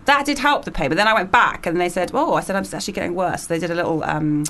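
A woman in a casual chat, telling a story in an animated way. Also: lowish voice, fast.

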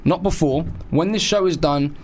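A man's voice: fairly high pitch, moderate pace, a little hiss or hum. Playful man co-hosting radio. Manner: playful, teasing, jokey. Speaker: radio co-host. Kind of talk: casual radio banter. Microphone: studio microphone.

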